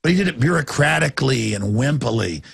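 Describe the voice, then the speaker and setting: A man's voice: medium pitch, lively intonation, fast, dry recording. A middle-aged man hosting a talk show, ranting intensely and acting out voices as he goes. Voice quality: gravelly. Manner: intense, acts out voices mid-rant. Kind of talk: impassioned talk-radio rant.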